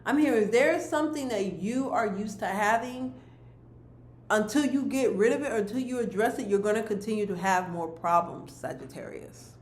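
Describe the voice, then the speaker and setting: A woman's voice: fairly high pitch, normal speed, roomy sound. A woman giving a monthly card reading to her viewers, speaking earnestly to them and repeating her key phrases. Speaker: spiritual card reader.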